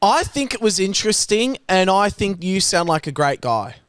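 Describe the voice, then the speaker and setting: A young Australian man co-hosting a podcast, telling stories in an animated way and doing voices. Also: high-pitched, normal speed, clean tone, no room sound. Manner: animated storyteller, does voices. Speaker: podcast co-host. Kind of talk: casual chat.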